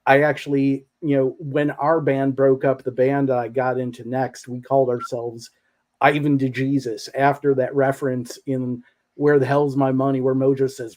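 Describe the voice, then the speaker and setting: A man co-hosting a podcast, telling stories in an animated, enthusiastic way in casual chat. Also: mid-range voice, moderate pace. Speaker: podcast co-host.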